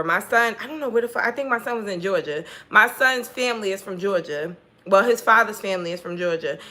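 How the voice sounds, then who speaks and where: A young woman hosting a casual storytime vlog, talking candidly and with plenty of swearing, acting out the lines of the people in her story. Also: medium pitch. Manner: candid, profane, animated, acts out quoted dialogue. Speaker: tarot channel host.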